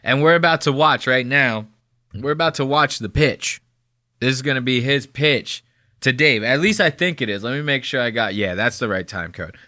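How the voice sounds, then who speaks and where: A man's voice: medium pitch, moderate pace, sharp tone, no room sound, clean studio sound. A man in his thirties from New Jersey, casually ranting and cursing in sarcastic reaction commentary. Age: 30s. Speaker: commentary host.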